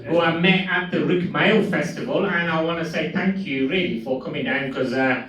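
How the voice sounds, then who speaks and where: A man's voice: on the high side, normal speed, a bit bright. A man with a Birmingham accent hosting a comedy night, rambling and self-mocking as he introduces a guest. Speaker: show compere. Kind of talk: casual hosting. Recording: echoey room from far off, crowd.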